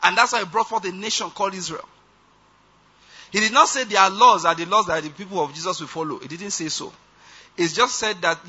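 A man's voice: high voice, a little fast, sharp tone, slightly rough. A man preaching a sermon, emphatic and often checking that his listeners follow. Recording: dull lo-fi recording.

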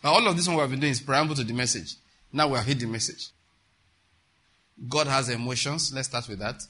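A man's voice: medium pitch, fairly quick, sharp tone. A man preaching a sermon with emphasis, often stopping to ask his congregation questions.

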